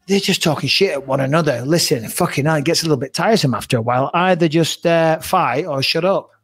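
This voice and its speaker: A man's voice: on the high side, fast, fairly bright tone. A man hosting a podcast, chatting casually about fights, swearing freely and correcting himself as he goes. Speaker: podcast host. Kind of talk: casual chat.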